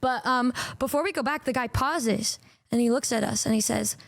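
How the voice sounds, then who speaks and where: A young woman VTuber spins stories for her chat in a high, bright-toned voice, stumbling over restarts and swearing freely. The recording is close and dry, with no room sound. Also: gravelly, no echo. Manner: animated, swearing, stammering, quick restarts. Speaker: VTuber streamer. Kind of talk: casual storytelling to stream chat.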